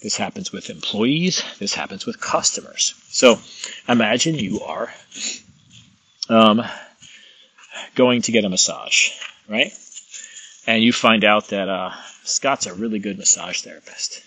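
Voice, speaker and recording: Bright-voiced man rambling through examples. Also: on the low side, unhurried, long pauses, slightly rough, dry recording, low-quality recording. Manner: rambling, illustrating with examples and stories. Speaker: massage therapist. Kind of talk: casual monologue.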